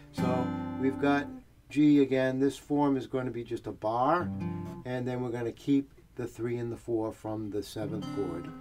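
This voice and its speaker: A man giving a relaxed, explanatory guitar lesson, talking through chords as he plays and humming the melody. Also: medium pitch. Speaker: guitar teacher. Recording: guitar playing behind the voice.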